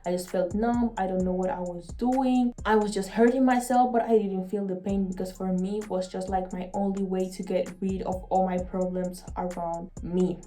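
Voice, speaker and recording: A young woman vlogger telling a personal story in an earnest, halting way, emotional and often repeating her words. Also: medium pitch, fairly even intonation, dark tone.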